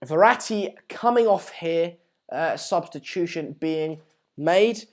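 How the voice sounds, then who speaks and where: A man's voice: on the high side, slow. A man from Sweden hosting a live football watchalong, casually commenting on play and reading viewer comments. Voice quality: chatty, reads viewer comments aloud. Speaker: live stream host.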